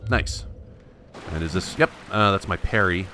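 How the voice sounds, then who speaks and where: A man's voice: low voice, normal speed, noisy background. A man thinking aloud in wry, self-mocking let's play commentary, restarting his sentences often. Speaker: gameplay commentator.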